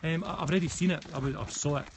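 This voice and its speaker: Fairly high-pitched and racing, this West of Scotland man live-streams as he walks a mountain forest path holding his phone. He chats casually, answers comments with frequent restarts, and the stream picks up clear background noise.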